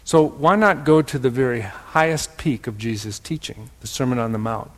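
A man with a Wisconsin accent teaching in a slow, reflective way, turning words over and repeating them as he goes. His pitch sits in an ordinary middle range, and the sound carries a long hall reverb. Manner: gentle, pondering, repeats words for emphasis. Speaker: spiritual teacher.

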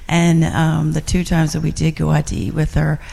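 A woman's voice: sits low, completely flat delivery, normal speed, creaky, mellow, big-room sound. A middle-aged woman sharing reflections in a class, rambling with many fillers and restarts. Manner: rambling, full of fillers and restarts, laughs often. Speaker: class participant.

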